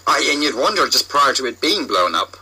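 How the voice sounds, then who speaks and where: A man's voice: medium pitch, big pitch swings, a little fast, sharp tone, slightly rough, low-quality recording. A man hosting a radio interview, putting short questions to his guest. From Ireland. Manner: brief prompting questions and backchannels. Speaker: radio host.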